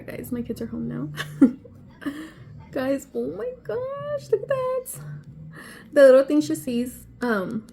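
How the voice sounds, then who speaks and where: A woman vlogger unboxing on camera, excitable and gushing, gasping often and sometimes dropping to a breathy whisper. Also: on the high side, a little hiss or hum. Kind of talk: casual unboxing vlog.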